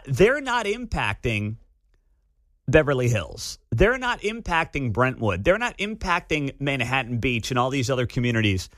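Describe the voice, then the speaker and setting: A male talk radio host, speaking in a mid-range voice, gives lively and sarcastic commentary. The studio microphone captures him cleanly, without any room sound.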